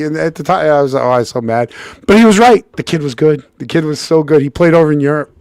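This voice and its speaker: Gravelly man telling a lively story. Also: quick pace, no echo, clean studio sound. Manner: animated, acts out quotes with big pitch jumps, frequent restarts. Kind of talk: casual anecdote telling.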